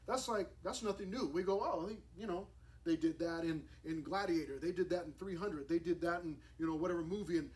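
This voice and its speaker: A young man, a youth pastor, preaching a sermon at a church service in a lively, casual storytelling way with slang. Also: high voice. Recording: distant mic with faint room noise.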